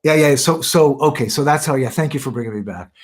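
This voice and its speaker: A man's voice: mid-range voice, fast talker. A man from Canada, a voice artist being interviewed, telling a story in a rambling, self-correcting way and often repeating "yeah, yeah".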